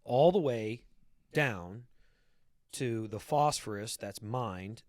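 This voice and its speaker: A man's voice: mid-range voice, expressive, slow, darkish tone, dry recording, studio quality. A man hosting a podcast in casual chat, blunt and full of swearing, often repeating words as he starts a thought. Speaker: podcast host.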